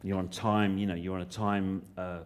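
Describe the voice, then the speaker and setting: A man's voice: low-pitched, little pitch movement, moderate pace. A man, a comedian guest telling jokey anecdotes in a live on-stage chat, acting out other people's lines. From London. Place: live comedy venue with an audience.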